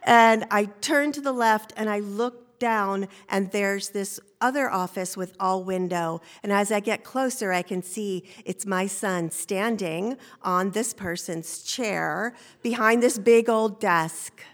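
An older woman from Maine telling a personal story live on stage, in an animated, conversational way, and acting out the voices she quotes. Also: mid-range voice, takes it slowly, hardly any pauses. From Maine, USA. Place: stage before an audience.

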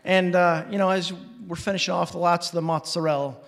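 A man's voice: high voice, fairly even intonation, fairly quick, gravelly. A man from Alaska telling a personal story on stage, animatedly acting out relatives' lines. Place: hall before an audience. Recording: reverberant hall.

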